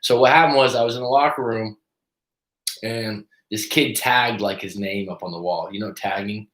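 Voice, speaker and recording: A man's voice: fairly low pitch, moderate pace, roomy sound. A man hosting a live stream as a coach, telling a story in a casual, profane way and acting out the lines of the people in it. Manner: profane, animated storyteller who acts out quotes.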